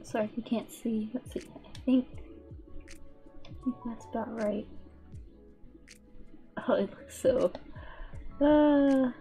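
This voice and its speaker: A woman's voice: a little high, takes it slowly, pauses often, warm tone, faint music behind. A young woman streaming while she paints, rambling in casual chat with lots of fillers and restarts. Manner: rambling and chatty, many "like"s and restarts. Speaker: VTuber streamer.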